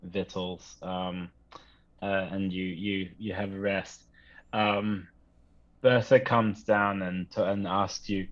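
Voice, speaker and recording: A man narrating a tabletop game as game master, halting and restarting as he describes scenes. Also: low-pitched, little pitch movement, a bit bright. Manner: halting, many fillers and restarts. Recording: dull lo-fi sound.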